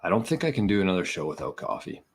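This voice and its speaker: A man's voice: deep voice, sing-song, very fast, creaky, husky. A man hosting a live podcast stream, chatting casually and scattered, a little out of breath and poking fun at himself. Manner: scattered, self-mocking, talking to viewers. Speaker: podcast host.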